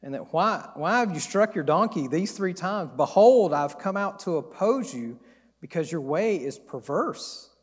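Sword-bearing Bible-story angel, stern and admonishing, as a preacher voices him; high voice in a reverberant hall. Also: male voice, lively intonation, unhurried.

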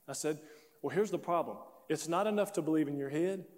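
A man preaching a sermon, telling a story and acting out both sides of a conversation in an animated way. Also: a little high, brisk. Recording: long reverb of a large hall.

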